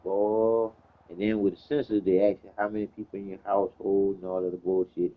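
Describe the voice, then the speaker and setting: A man's voice: deep voice, little pitch movement, a little fast. A man chatting casually, telling stories in a loose, slangy way, with plenty of cursing. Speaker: host. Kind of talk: casual chat. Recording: tinny phone-like sound.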